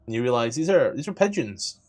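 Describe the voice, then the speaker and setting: A young Scottish man narrating as game master, hushed and peppered with "like.". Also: medium pitch, very animated, fairly quick. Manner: hushed, many "like" fillers.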